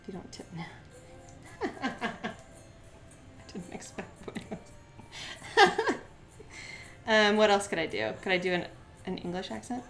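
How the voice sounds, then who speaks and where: A woman's voice: medium pitch, sing-song, slow pace, pauses often, fairly bright tone, soft background music. Chatty, giggly woman streaming crafts. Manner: chatty and giggly, heavy on "like" fillers. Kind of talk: casual live-stream craft tutorial.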